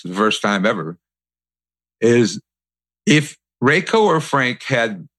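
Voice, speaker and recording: A man's voice: medium pitch, fairly bright tone. A man hosting a podcast, chatting casually with his guests and thanking them. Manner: friendly, chatty, with fillers. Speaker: podcast host. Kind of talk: casual interview chat.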